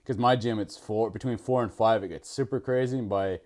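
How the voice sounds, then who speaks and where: A man's voice: on the low side, brisk, darkish tone. A man hosting a podcast, chatting casually and rambling with frequent laughs. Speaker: podcast host. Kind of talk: casual chat.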